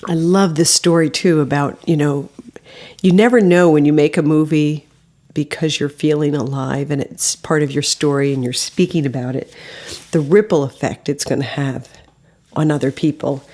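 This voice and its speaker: Low-voiced woman host. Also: steady tone, moderate pace, a little mellow. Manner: short reactions and reflective comments. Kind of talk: interviewer reacting in conversation.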